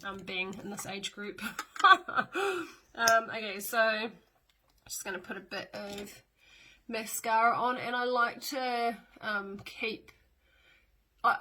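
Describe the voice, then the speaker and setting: A woman's voice: a little high, bright, forceful tone, rough recording. A middle-aged woman, chatting casually through a step-by-step makeup demo with fillers and small asides. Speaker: makeup tutorial host.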